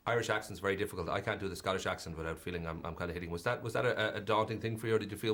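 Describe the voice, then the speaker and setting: Guy interviewing an actor, talks super fast, long rambly questions, lowish voice. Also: a bit bright. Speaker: film interviewer.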